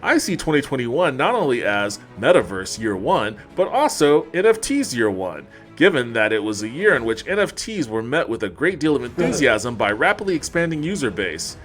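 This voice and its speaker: A man with a lively, swooping voice sits behind the mic for a casual podcast chat. He laughs easily, often breaking into giggles mid-sentence. Soft music plays underneath. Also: mid-range voice, moderate pace, hardly any pauses. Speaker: podcast co-host. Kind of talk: casual podcast chat and mock-formal reading.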